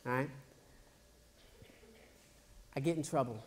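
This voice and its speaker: A lively male speaker addresses a high school assembly, telling a story from his childhood with great energy. He punctuates it with sound effects and call-and-response questions, swinging from hushed moments to loud bursts. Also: a little fast, heavy background noise. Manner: animated storyteller who acts out scenes, makes sound effects and quizzes the crowd. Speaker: motivational speaker. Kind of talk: motivational school assembly speech.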